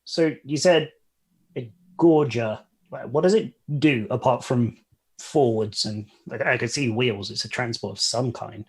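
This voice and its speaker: A man plays a tabletop game, talking casually and hesitantly with lots of ums. His voice is husky, with a little breath in it. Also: mid-range voice, a little slow. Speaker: player.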